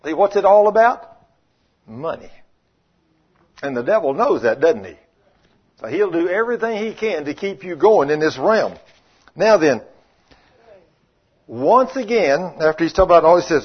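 A man preaching a sermon, telling folksy stories and acting out the people in them, swinging from loud rebukes to quiet asides. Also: fairly high pitch, big pitch swings, moderate pace, pauses often, breathy edge. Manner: folksy, acts out quoted voices, shifts between loud rebukes and quiet asides. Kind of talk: sermon with storytelling. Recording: muffled lo-fi sermon recording.

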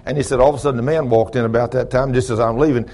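A man's voice: mid-range voice, fairly even intonation, rapid-fire. A middle-aged man, preaching and telling a long story in a sermon. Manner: shouts praise, then drops to quiet storytelling. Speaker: pastor.

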